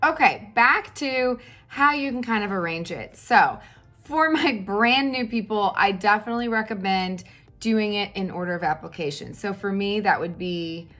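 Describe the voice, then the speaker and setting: A woman in her thirties chatting casually through a makeup tutorial at home, animated, with fillers and exclamations. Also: mid-range voice, moderate pace, soft background music. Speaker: makeup vlogger.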